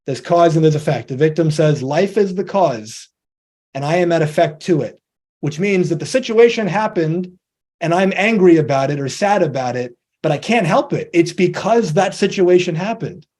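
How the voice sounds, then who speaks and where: High-voiced man giving a motivational talk. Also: animated, normal speed, darkish tone. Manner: explains step by step, acts out quoted dialogue. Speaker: presenter.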